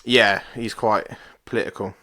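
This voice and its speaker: Low, bright-toned guy explaining things. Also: fairly even intonation, moderate pace. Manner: chatty, explains at length, swears casually. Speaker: podcast co-host. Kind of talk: casual chat.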